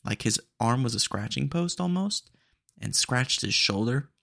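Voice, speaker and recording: A man's voice: medium pitch, animated, measured pace, vocal fry, fairly bright tone, no room sound, clean studio sound. A young man hosting a podcast, telling retail stories in a chatty, slangy way with lots of fillers. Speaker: podcast host. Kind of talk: casual storytelling monologue.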